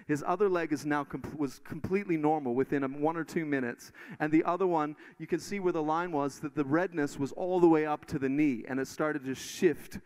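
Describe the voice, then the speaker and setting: A man preaching in church and telling testimonies in an animated way, full of restarts. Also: on the high side, smooth. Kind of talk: sermon testimony. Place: church stage.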